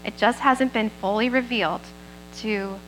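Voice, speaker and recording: A woman's voice: on the high side, fairly even intonation, unhurried, background noise. A woman preaching a sermon at a church service, speaking into a microphone in a plainspoken, conversational way and often checking in with the congregation.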